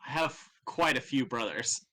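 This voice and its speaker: A man's voice: medium pitch, expressive, normal speed, bright, forceful tone. A man voicing an easygoing young male pirate freed from a cell, swearing casually. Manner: laid-back, swearing.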